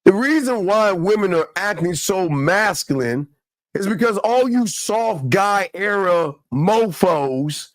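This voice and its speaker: Guy hosting a call-in show, kinda high voice, dry sound, blunt and cussing a lot. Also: no room sound. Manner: blunt, cursing, mocking. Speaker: podcast host. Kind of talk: casual live call-in talk.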